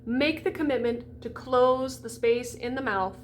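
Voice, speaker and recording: A woman's voice: high-pitched, a little slow, hardly any pauses, slight background noise. Chatty, emphatic woman voice coach. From United States. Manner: chatty, emphatic, demonstrates sounds aloud. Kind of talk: pronunciation lesson for singers.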